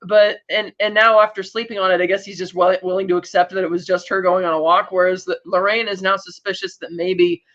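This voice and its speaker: Podcast co-host, male, high-pitched, rambling episode recap, dull recording. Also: flat delivery, brisk, few pauses, fairly bright tone. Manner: rambling, with many restarts and likes. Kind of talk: casual chat recapping a TV episode.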